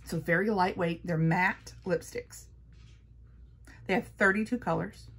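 Gushing, chatty woman, low voice. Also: measured pace, fairly bright tone, breathy edge. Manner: gushing, chatty, repeats praise. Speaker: beauty vlogger. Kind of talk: casual makeup haul chat.

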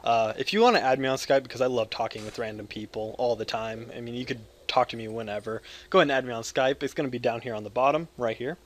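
A man's voice: mid-range voice, fairly even intonation, quick pace, hardly any pauses. Hyper young American guy rambling. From United States. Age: 20s. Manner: hyper, joking, profane, self-interrupting. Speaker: gaming video creator. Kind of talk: rambling gameplay commentary.

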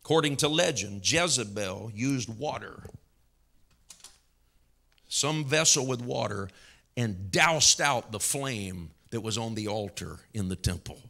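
Bright, fervent preaching man. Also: medium pitch, expressive, takes it slowly, gravelly. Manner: fervent preaching, frequent hallelujahs and laughs. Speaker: pastor. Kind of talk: sermon. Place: church.

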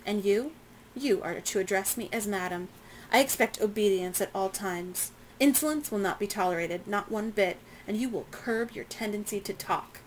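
A woman's voice: mid-range voice, moderate pace, slight background noise, lightly acted, low-quality recording. Madam Lockton, read by a woman, stern mistress. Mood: commanding. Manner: cold, clipped commands. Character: stern wealthy colonial mistress, demanding.

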